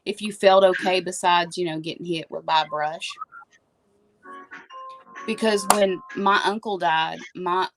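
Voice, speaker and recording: A woman's voice: lowish voice, fairly even intonation, unhurried, pauses often, over music, low-quality recording. A woman co-hosting a casual live stream, chatty, telling stories to viewers. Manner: chatty, storytelling. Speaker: co-host.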